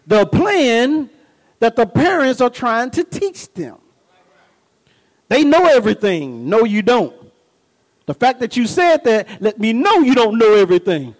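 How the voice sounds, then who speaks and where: A middle-aged male pastor with a high voice, preaching a sermon. He moves from folksy storytelling and call-and-response asides into animated, emphatic bursts that climb in pitch. His delivery is lively and personal, like he is talking straight to the congregation. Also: low-quality recording.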